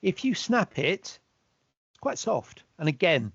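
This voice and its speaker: A man giving a relaxed, chatty online presentation as a chocolate expert, now and then asking for the next slide. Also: sits high, a little slow, vocal fry, husky, dry recording. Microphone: video call. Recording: dull, dry lo-fi audio.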